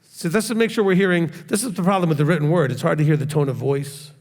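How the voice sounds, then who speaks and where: A man's voice: fairly high pitch, quick pace, a little mellow, in a large hall. A man, a rabbi, teaching a sermon in a conversational way, often checking in with his listeners and adding light joking asides.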